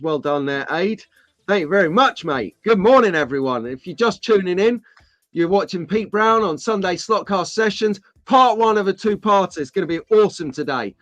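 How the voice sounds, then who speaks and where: A man's voice: high-pitched, a bit bright, no room sound. A man hosting a live stream, chatting casually and jokily with viewers in the chat. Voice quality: chatty, jokey, rambling. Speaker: host of a live slot car stream.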